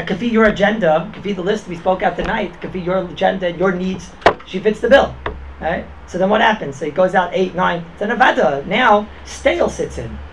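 A man's voice: sits high, vocal fry. A man teaching an informal Torah class, talking conversationally with emphatic repetitions, constant "right?" and Yiddish and Hebrew words. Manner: rapid, conversational, peppered with 'right?' and Yiddish and Hebrew terms. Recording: noisy background ambience.

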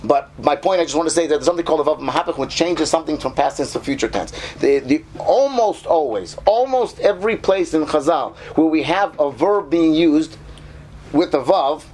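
Man, Torah teacher, slightly high voice, keeps asking "right?", stretches Hebrew words. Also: fairly quick, a little mellow, a little hiss or hum. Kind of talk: casual Torah class.

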